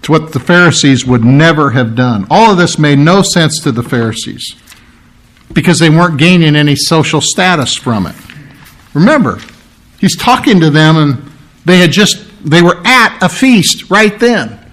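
A man preaching a sermon, emphatic and animated, acting out quoted lines and often clearing his throat. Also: fairly high pitch, moderate pace. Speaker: pastor.

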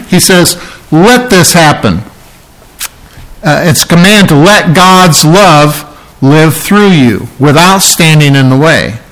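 A man's voice: fairly high pitch, a bit bright, rough recording. A man preaching a sermon as pastor, earnest and teacherly, pleading with listeners and lifting his voice to stress points.

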